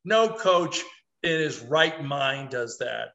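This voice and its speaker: A man who is a sports columnist co-hosting a podcast, giving animated, opinionated and self-mocking takes. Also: medium pitch, slow pace, creaky, muffled recording. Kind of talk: casual sports talk.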